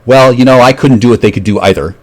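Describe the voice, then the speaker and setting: A man's voice: mid-range voice, fast talker. A man rambling alone to the camera, swearing often, drifting between tangents and trailing off into mumbles. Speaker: vlogger. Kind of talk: rambling solo monologue.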